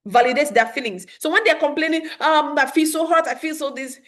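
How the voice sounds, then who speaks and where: A young adult woman, coaching parents in a live webinar talk, earnest and quick to laugh. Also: high voice. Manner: acts out calm soothing quotes.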